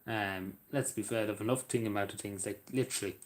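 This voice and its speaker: A man with an Irish accent chatting casually with viewers on a live stream, halting and rambling with many fillers, often apologizing. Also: lowish voice, fairly even intonation.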